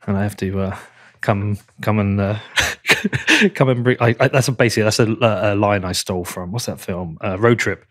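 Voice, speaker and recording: A man's voice: lowish voice, animated, moderate pace. A British man, host of a podcast, reading sponsor ads and then chatting casually with his guest, laughing often and restarting his sentences. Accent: British English. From Britain. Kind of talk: ad reads then casual chat.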